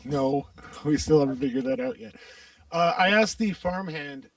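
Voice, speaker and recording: A man's voice: a little high, animated, moderate pace, vocal fry, no echo, low-quality recording. A man playing a tabletop game, plainly asking questions in character. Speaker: player. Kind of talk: casual tabletop play.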